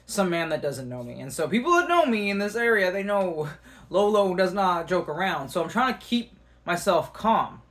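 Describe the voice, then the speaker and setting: A fairly high-voiced man tells a tense personal story straight to camera. He talks in a lively, animated way, peppered with fillers and the odd curse word. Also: moderate pace. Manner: animated, swearing, many fillers. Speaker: vlogger.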